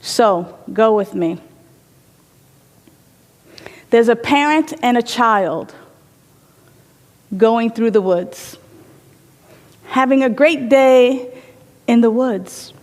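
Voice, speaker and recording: A woman with a rather high, slightly mellow voice delivers an inspirational sermon slowly and reflectively, pausing often in a big, echoing room. She tells stories and repeats phrases for emphasis.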